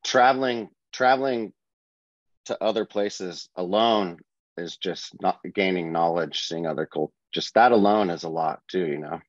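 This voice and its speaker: A man's voice: sits low, moderate pace, no room sound. A man co-hosting a podcast in casual chat, ranting in a laid-back way with swearing and laughter. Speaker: podcast co-host. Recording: dry, dull lo-fi sound.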